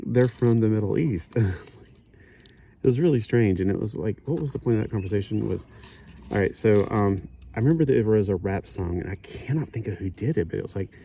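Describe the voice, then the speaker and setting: A hobby builder, middle-aged, talks casually as he builds a kit, wandering off topic, fixing his own words, and chuckling as he goes. His voice is fairly low and mellow. There's slight background noise in this casual build-along chat.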